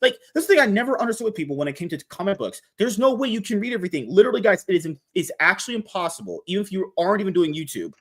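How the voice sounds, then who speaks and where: A man's voice: sits high, expressive, very fast, few pauses, fairly bright tone. A man hosting a podcast, talking casually and animatedly, swearing freely and rambling with restarts. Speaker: podcast host.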